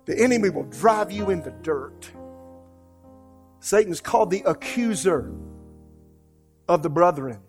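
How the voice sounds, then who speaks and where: A male pastor delivering a sermon in a gravelly, slightly high voice. He tells stories, sometimes dropping to a near-hush and sometimes building to loud emphasis. A soft guitar plays faintly behind him. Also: animated, unhurried, pauses often. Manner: storytelling, swinging between hushed and loud emphatic delivery.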